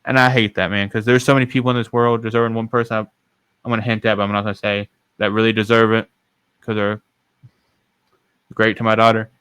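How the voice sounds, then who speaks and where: Smooth-voiced young man telling a story. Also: fairly low pitch, level tone, brisk, long pauses, fairly bright tone, no room sound. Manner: rambling, self-correcting storyteller. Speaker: podcast host. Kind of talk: casual storytelling.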